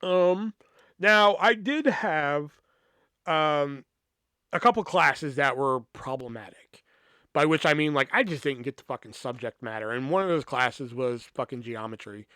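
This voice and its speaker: A man's voice: a little high, measured pace, bright, forceful tone, clean tone, no echo, studio quality. A man hosting a podcast, telling a long, rambling story from his school days with lots of swearing and filler words. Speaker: podcast host. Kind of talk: casual storytelling.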